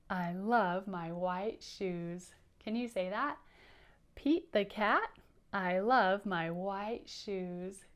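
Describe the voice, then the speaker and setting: A young adult woman teacher giving an interactive read-aloud for children, bright and encouraging. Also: medium pitch.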